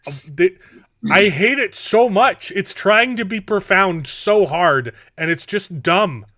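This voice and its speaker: A man hosting a casual chat, sarcastic and animated, often reading show lines aloud. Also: high voice, slow pace, dry recording, studio quality. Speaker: podcast host.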